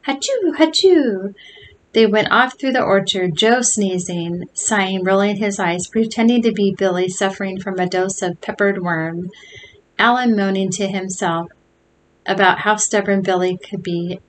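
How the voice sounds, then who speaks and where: A woman reading a children's chapter book aloud in an expressive storytelling manner. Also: medium pitch, moderate pace, a little hiss or hum, poor audio.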